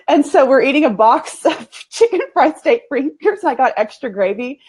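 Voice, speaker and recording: A woman with a Texan accent tells a story with lots of laughter, her pitch swinging up and down. She sounds like a guest chatting casually on an interview show. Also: moderate pace, slightly rough. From Texas. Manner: animated storyteller, laughs a lot. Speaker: guest, agency owner.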